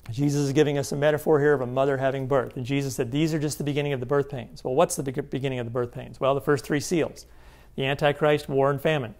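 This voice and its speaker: A man's voice: medium pitch, steady tone, fast talker, creaky, darkish tone. A man giving an emphatic Bible teaching seminar, often checking in with his listeners. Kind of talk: sermon-style seminar teaching.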